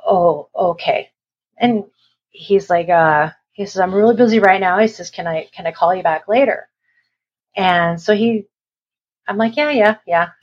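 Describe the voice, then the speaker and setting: A middle-aged woman, appearing as an interview guest, rambles through a personal story and acts out the voices of people she quotes. Her voice is lowish and husky, a little slow, with long pauses, captured in a dull lo-fi recording.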